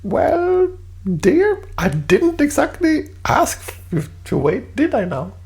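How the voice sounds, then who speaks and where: A teasing falsetto voice. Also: male voice, wildly swooping pitch, slow pace, a little mellow, exaggerated voice. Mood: mocking.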